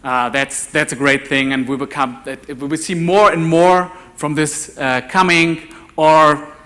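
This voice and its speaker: A man in his forties from Germany with a German accent, giving a live conference talk as a developer evangelist, talking in a halting way with many restarts and repeated words. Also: fairly high pitch, fairly even intonation, sharp tone. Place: conference ballroom.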